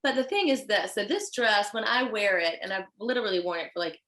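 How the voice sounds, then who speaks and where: A woman with a Haitian accent, a fashion designer guest telling stories in an animated, chatty way. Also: medium pitch, a little fast. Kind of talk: casual chat. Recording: roomy echo.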